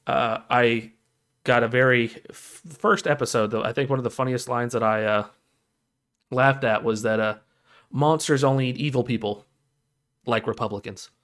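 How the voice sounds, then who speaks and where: A man's voice: medium pitch, fairly even intonation, moderate pace, a bit bright. A man co-hosting a casual podcast chat, rambling and laughing at his own stories. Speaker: podcast co-host.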